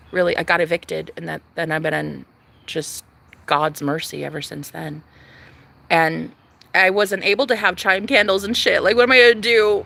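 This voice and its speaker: A young woman talking to camera in a casual vlog, sassy, profane and dramatic, swinging between loud outbursts and hushed asides. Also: mid-range voice, creaky. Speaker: vlogger.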